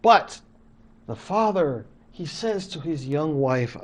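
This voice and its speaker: A man's voice: on the high side, expressive, takes it slowly. An older man, a college professor, telling a traditional story in a folksy, conversational way, acting out the scenes. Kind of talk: traditional story told to camera.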